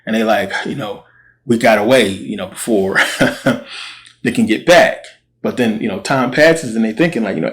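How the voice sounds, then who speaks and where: A man with a lowish voice retells a scripture story in loose, casual speech. He slips into slangy quotes for each character as he goes. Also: moderate pace. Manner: slangy, animated quoting of characters. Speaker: Bible storyteller.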